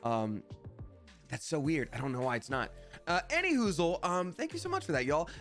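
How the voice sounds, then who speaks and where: A man's voice: a little high, sing-song, normal speed, fairly bright tone, faint music behind. A man hosting a live game stream, chatting casually and cheerfully thanking viewers by name. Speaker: Twitch streamer and voice actor.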